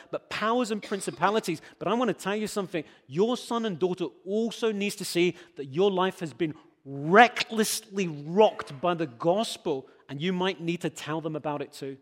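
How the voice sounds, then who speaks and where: A man preaching a sermon, stammering on repeated words, then building to emphatic, forceful peaks. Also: high voice, normal speed. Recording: long hall reverb.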